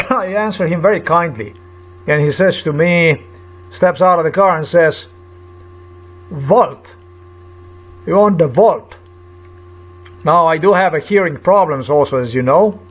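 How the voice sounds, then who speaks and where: A man vlogging a rambling personal account, halting and repetitive as he searches for words, and agitated and indignant. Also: on the high side, fairly bright tone.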